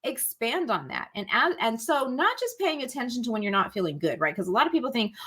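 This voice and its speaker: A woman's voice: on the high side, very animated, fairly quick, few pauses, sharp tone, slightly rough. Woman, casual life-coach teacher; encouraging, chatty, calls listeners y'all. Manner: acts out inner thoughts in quoted asides.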